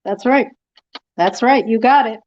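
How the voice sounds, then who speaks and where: A woman's voice: on the high side, a little slow, a little mellow, highs cut off, slight background noise. A woman hosting a casual interview show, encouraging and affirming her guest. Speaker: podcast host.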